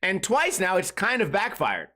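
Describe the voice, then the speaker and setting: A man's voice: sits high, wildly swooping pitch, normal speed, sharp tone. A man in his thirties hosting a casual comedic podcast, rambling crudely and filling his talk with filler words. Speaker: podcast host.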